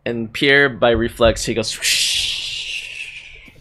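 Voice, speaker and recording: A man playing a character in a tabletop game, narrating his character's actions and laughing often. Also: mid-range voice. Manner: slow, very lively, laughing. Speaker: player. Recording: distant from the mic.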